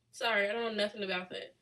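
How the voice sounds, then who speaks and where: Answering her live chat, a young Chicago woman with the local accent reads out viewers' questions, laughs, and keeps things casual. She speaks in a mid-range voice with a fairly bright tone.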